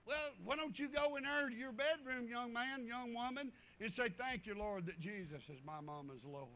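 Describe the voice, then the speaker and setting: High bright folksy preacher man. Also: normal speed. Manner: folksy, repeats himself, acts out stories with voices. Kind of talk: sermon.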